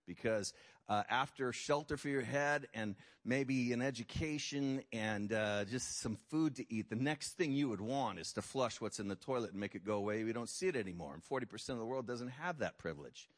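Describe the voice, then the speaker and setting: A man delivering a sermon in an animated, emphatic way. His voice is of middling pitch. He drops low and soft to make serious points, then leaps up high and loud to mock what people say. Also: fairly quick. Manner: animated preaching, jumps to high mocking voices for effect. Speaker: pastor.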